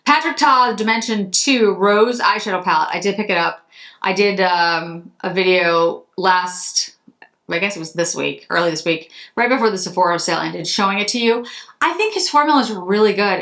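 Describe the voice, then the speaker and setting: A beauty vlogger from Massachusetts chats casually as she goes through products, rambling a bit and correcting herself. Her mid-range voice is pushed and bright, at a moderate pace.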